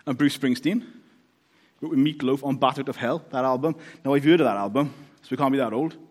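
A man's voice: medium pitch, a little fast. A Welsh man preaching a casual, joking sermon, often checking in with the congregation. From Wales. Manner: chatty, joking, checks in with "okay?".

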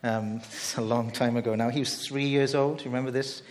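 A man preaching a sermon in a conversational, halting way, often restarting his phrases as he talks to the congregation. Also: mid-range voice, steady tone. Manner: conversational, halting with many repeated starts. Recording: long reverb from a large hall.

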